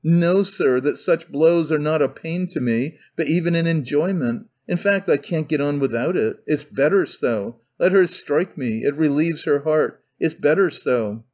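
A man's voice: fairly high pitch, measured pace, hardly any pauses, darkish tone. A man voicing a drunken middle-aged clerk who pleads and preaches in fervent, despairing confession, on a dull lo-fi audiobook recording. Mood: agitated muttering.

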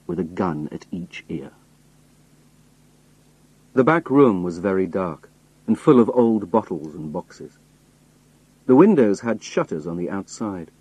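A man reading a novel aloud in first person with slow, careful, expressive storytelling. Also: low voice, breathy edge, no echo, low-quality recording. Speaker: audiobook narrator.

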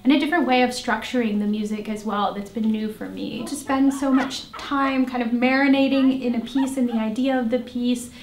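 A woman's voice: on the high side, fairly even intonation, fairly quick, hardly any pauses, reverberant, a little hiss or hum. A woman singer talking enthusiastically about new music. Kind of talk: interview and sung demonstration.

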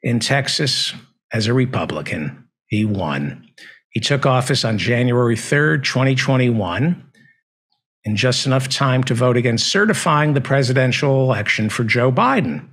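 A man hosting a satirical news show, delivering a sardonic monologue with deadpan ironic pauses. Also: mid-range voice, husky. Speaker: news comedy host.

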